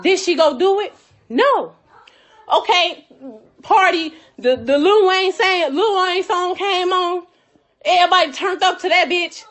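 Very high-voiced woman ranting, laughing angrily. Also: measured pace, a bit bright. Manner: cursing, laughing through angry talk. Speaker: friend telling her side. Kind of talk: heated profane rant.

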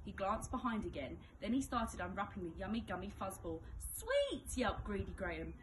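A woman reading a children's storybook aloud with expressive, dramatic emphasis. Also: mid-range voice, fairly quick. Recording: noisy background.

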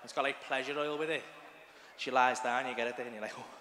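A man's voice: mid-range voice, fairly even intonation, fast, sharp tone, a little hiss or hum. A man with a Liverpool accent doing a crude, swearing stand-up routine on a comedy club stage. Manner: crude, swearing, acts out scenes in voices. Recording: live club recording with hall reverb and audience.

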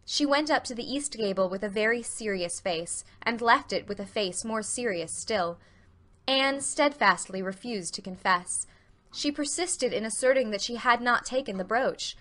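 A woman narrating a dramatic audiobook reading with clear, expressive storytelling. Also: a little high, normal speed.

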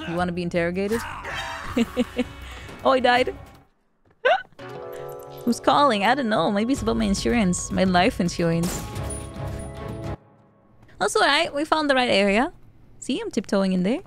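A woman's voice: a little high, expressive, normal speed, vocal fry, pauses often, soft background music. A woman streaming a stealth video game, chatting playfully with frequent giggles and stammered restarts. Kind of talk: live game commentary.

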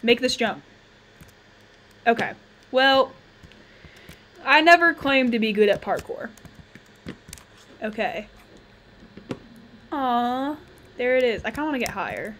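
A young woman giving casual, chatty commentary on her own gameplay, thinking aloud and quick to exclaim. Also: a little high, expressive, a bit bright, a little hiss or hum. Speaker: gamer.

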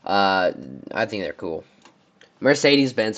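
A man's voice: fairly low pitch, unhurried. A young man from the United States giving casual, rambling commentary on car brands, often stumbling over names. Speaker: car reviewer. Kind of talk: casual commentary on a tier list.

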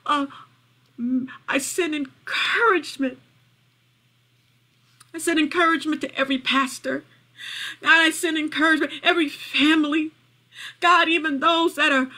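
Woman pastor, fervent repetitive prayer, high voice, bright tone. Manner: fervent, rising into shouted prayer; repetitive, halting with fillers. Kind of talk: livestreamed prayer and testimony.

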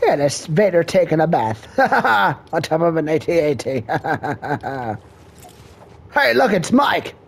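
A gamer in casual gameplay commentary, loud and profane, joking and bantering. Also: mid-range voice, sing-song, slow, vocal fry, husky.

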